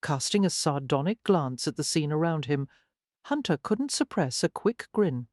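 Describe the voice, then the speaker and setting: An audiobook narrator giving a measured, even scripted reading of a romance novel. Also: mid-range voice, dry recording, studio quality.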